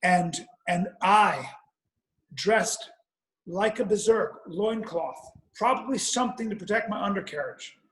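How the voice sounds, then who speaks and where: A man's voice: high voice, expressive, a little slow, fairly bright tone, roomy sound, low-quality recording. A man telling a rambling, profane comic story on a podcast, with frequent restarts. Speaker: podcast guest or co-host.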